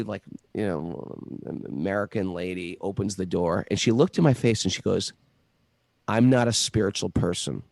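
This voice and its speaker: A middle-aged man tells a winding personal story in a casual, animated way, often restarting his sentences. His voice sits low with a gravelly edge, and the sound is dry and close. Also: dry recording. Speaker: guest telling a story.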